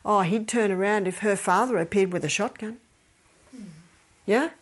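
An older woman speaks at an ordinary middle pitch. She talks casually and tells stories, slipping into the voices of the people she quotes. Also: normal speed. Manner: storytelling, acts out quoted voices, quotes scripture. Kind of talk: casual advice talk.

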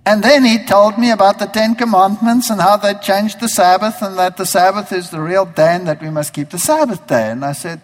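A man's voice: sits high, brisk, hardly any pauses. A man from Germany giving a spoken religious testimony, acting out his own past thoughts as he tells the story. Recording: hall reverb.

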